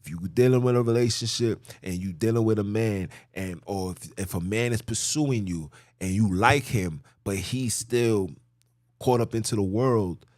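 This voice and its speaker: A man's voice: lowish voice, moderate pace, a little mellow, dry recording, studio quality. A man hosting a podcast, reading scripture aloud and preaching on it in a blunt, emphatic, repetitive, informal way. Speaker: podcast host teaching scripture.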